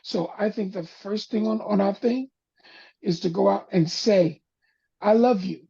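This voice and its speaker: A man with a gravelly, husky voice delivers an impassioned talk-show monologue in a preacher-like rhythm, sinking low and soft to press his points. His tone is dark and mellow, and the recording sounds a little dull and lo-fi. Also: measured pace. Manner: preacher-like cadence, drops voice low and soft for emphasis. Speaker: panel host.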